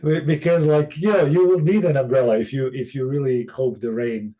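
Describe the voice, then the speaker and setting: Male facilitator on a video call; mellow voice, halting delivery full of fillers. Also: medium pitch, fairly even intonation. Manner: halting, many restarts and fillers. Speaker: session facilitator. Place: room in Boston.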